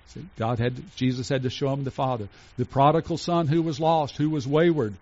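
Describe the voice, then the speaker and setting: A pastor preaching a sermon in an earnest way, slowing down to stress each item in a list and going soft for tender points. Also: male voice, mid-range voice. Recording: dull lo-fi recording.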